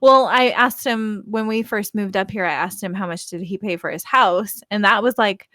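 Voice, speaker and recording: A woman's voice: mid-range voice, normal speed, sharp tone, dry recording, studio quality. A woman in her thirties chatting casually on a stream, rambling through stories and laughing often. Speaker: guest co-host. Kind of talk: casual chat on a live stream.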